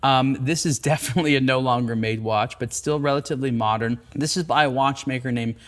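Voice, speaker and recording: A man's voice: medium pitch, a little fast. Chatty man hosting a watch talk. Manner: thoughtful, enthusiastic, with fillers. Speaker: host, watch editor. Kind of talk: casual conversation.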